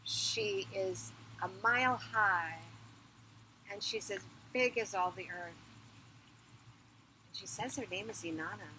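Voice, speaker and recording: A woman's voice: medium pitch, slow, pauses often, bright, forceful tone, poor audio. A woman voicing a dutiful, nervous male gatekeeper who serves an underworld queen, with outdoor noise behind.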